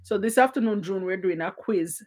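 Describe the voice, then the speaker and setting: A woman's voice: medium pitch, a little fast, a little mellow, husky. A Jamaican woman in her fifties, co-hosting a casual live-chat quiz, chatty and laughing often as she reads out viewers' answers. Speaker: quiz co-host.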